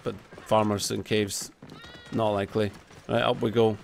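A man hosting a let's play, giving excitable gameplay commentary, swearing and humming tunes over game music. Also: lowish voice, moderate pace, creaky, a little hiss or hum.

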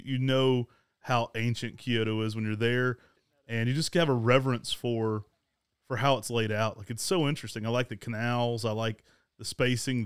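A talkative, energetic man, co-hosting a casual travel chat and laughing often. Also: medium pitch, clear, resonant tone, no room sound, studio quality. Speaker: show co-host.

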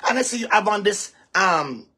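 Raspy, high-voiced gravelly man preaching. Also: animated, moderate pace. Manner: lecturing, emphatic, at times shouting. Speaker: pastor. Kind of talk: preaching talk to a congregation.

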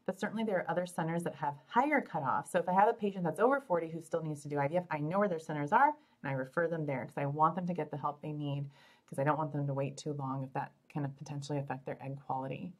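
A middle-aged woman, a fertility doctor hosting a live Q&A, answering questions in an upbeat, joking, chatty way. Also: deep voice. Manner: upbeat, chatty, joking, addresses listeners as "you guys". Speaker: fertility doctor and show host.

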